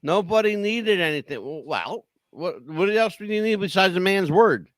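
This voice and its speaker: A man's voice: normal speed, no room sound. A man co-hosting a podcast, chatting casually and emphatically in a rambling way. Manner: rambling, emphatic storyteller with lively pitch. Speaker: podcast co-host. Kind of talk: casual wrestling talk.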